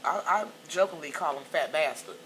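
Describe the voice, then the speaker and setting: A middle-aged woman chatting in a hair salon, telling animated stories, cussing freely and shouting out quotes. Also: sits low, a little fast. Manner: animated storyteller, cusses freely, loud excited quotes. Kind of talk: casual chat. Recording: noisy background.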